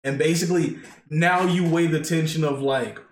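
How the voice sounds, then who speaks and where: A man's voice: on the high side, fairly even intonation, normal speed. A man co-hosting a podcast, retelling events in a rambling way, stuffed with "like" and "basically". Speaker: podcast co-host. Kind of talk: casual chat. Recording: echoey room with faint noise.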